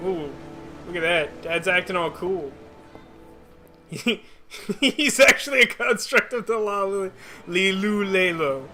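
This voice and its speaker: A man's voice: high-pitched, lively intonation, takes it slowly, long pauses. A man streaming a video game, joking and rambling to his viewers in casual commentary. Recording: game music playing behind.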